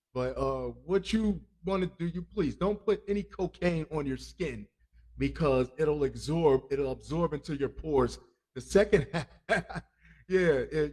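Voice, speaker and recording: A man hosts a comic news podcast in a loose, rambling way, cracking jokes and cursing freely. His voice sits a bit higher than most men's. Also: a little mellow. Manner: rambling, joking, laughs often, profane. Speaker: podcast host. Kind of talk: comic crime news talk.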